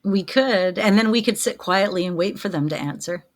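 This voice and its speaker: A woman's voice: mid-range voice, moderate pace. A woman co-hosting a casual podcast, chatty and playful, thinking aloud as she talks. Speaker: podcast co-host.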